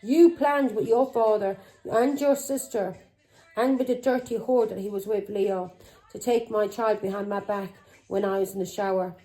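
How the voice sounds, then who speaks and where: A woman's voice: medium pitch, steady tone, moderate pace, warm tone, soft background music, poor audio. A middle-aged woman, a tarot reader who talks in an angry, accusing way, swearing and firing taunting questions. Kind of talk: tarot reading vlog.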